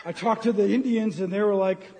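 A man's voice: high voice, fairly even intonation, fairly quick, noisy background. A middle-aged man preaching a sermon as pastor in a church, ranting with jokes. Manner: impassioned, ranting, jokey. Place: church sanctuary. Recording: long hall reverb.

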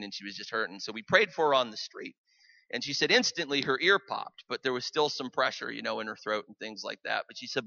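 Male preacher, very bright and forceful tone, dry dull lo-fi sound, chatty testimony-style sermon with amens. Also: mid-range voice, no room sound. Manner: conversational, calls for amens.

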